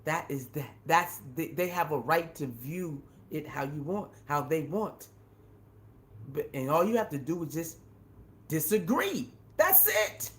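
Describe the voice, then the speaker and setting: A man's voice: a little high, lively intonation, measured pace. A man hosting his own commentary show, talking casually and emphatically with slang, often repeating his points. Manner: slangy and informal. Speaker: commentary channel host.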